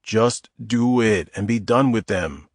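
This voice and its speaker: A man's voice: on the low side, takes it slowly, no echo, clean studio sound. A man as a wisecracking sore middle-aged guy. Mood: joking. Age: 40s. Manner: wisecracking, self-mocking. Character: mid-forties man, stiff and sore, joking flirt.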